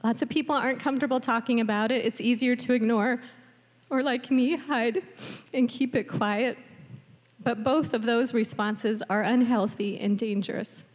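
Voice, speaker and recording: A woman preaches in an earnest, personal tone, her voice sitting on the higher side. She speaks from a church auditorium, and the long reverb of the hall carries her words. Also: steady tone, normal speed. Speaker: pastor. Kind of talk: sermon.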